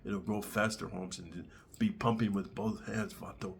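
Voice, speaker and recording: A man putting on a hushed, coaxing prison gang member. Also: fairly even intonation, normal speed, close to an everyday voice. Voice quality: low murmured half-whisper.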